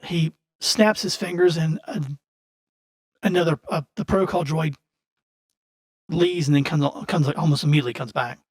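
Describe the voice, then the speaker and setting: A man's voice: a little high, normal speed, long pauses, darkish tone. A man running a tabletop game as game master, narrating casually and correcting himself as he thinks aloud.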